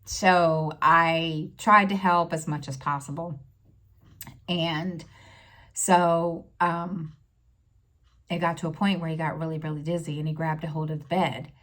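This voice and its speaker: A middle-aged woman talking in a casual personal vlog, halting and full of fillers, close to tears. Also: sits low, little pitch movement, a bit bright. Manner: halting, many fillers and restarts. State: tearful, near crying. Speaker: stitching vlogger.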